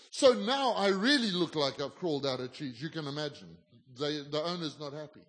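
A South African man, a pastor, preaching a sermon and telling a story with lively, self-deprecating humor, acting out the dialogue. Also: high voice, big-room sound.

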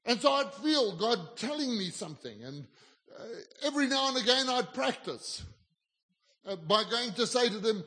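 A man from South Africa with a fairly high voice delivers a sermon. He tells a story with self-deprecating humor and acts out each voice in the dialogue. The sound carries a long hall reverb. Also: big pitch swings, moderate pace, sharp tone. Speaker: pastor.

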